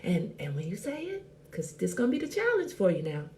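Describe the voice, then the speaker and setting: A woman hosting a casual live chat show, talking in a sassy, animated and blunt way and greeting viewers by name. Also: mid-range voice, fairly quick. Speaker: host.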